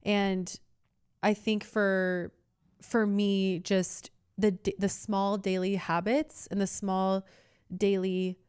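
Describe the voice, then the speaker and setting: A woman's voice: medium pitch, little pitch movement, slow pace, darkish tone, clean tone. A young woman hosting a podcast, telling a personal story in an earnest, emotional way. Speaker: podcast host. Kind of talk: candid personal chat.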